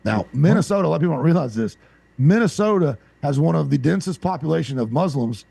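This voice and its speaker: A man's voice: on the high side, fast, vocal fry, breathy edge, dry recording. A man from the American South, co-hosting a podcast and telling long rambling stories in casual chat. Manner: rambling anecdotal storyteller, animated. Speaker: podcast co-host.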